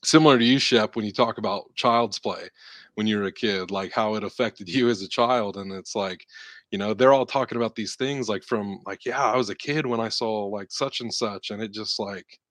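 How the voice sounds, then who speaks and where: This male podcast co-host sits on the low side in pitch but has a fairly bright tone, talking at normal speed. His casual chat wanders through a story with many fillers, and no room sound is audible.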